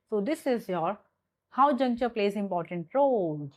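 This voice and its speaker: A woman's voice: medium pitch, lively intonation, a little mellow. A woman with an Indian English accent teaching an online lecture, explaining step by step and checking in with "okay". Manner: slow, explanatory, repeats points with "okay".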